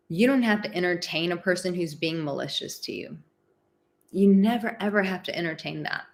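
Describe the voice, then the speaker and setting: A woman's voice: lowish voice, normal speed, vocal fry, long pauses. A woman hosting a live advice talk, chatting casually with many "like" fillers and acting out example phrases. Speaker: relationship advice host.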